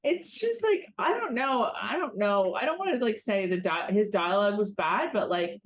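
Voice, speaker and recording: A woman co-hosting a casual TV recap, her pitch swinging widely as she talks. She slips into mocking character voices to make her points, loose and chatty. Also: animated, normal speed. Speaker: podcast co-host.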